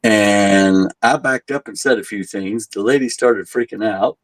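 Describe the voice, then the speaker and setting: A man's voice: fairly low pitch, measured pace, no room sound, low-quality recording. A man working as a tour guide, telling a story casually and animatedly, acting out what people said and chuckling at his own jokes. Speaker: haunted asylum tour guide.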